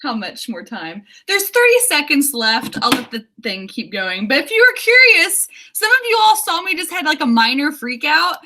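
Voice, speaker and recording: A woman's voice: high voice, normal speed, hardly any pauses. A young woman chatting casually on a livestream from her apartment, giggling often and reading viewer comments aloud. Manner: giggly, excitable, laughs often. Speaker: author livestreaming writing sprints.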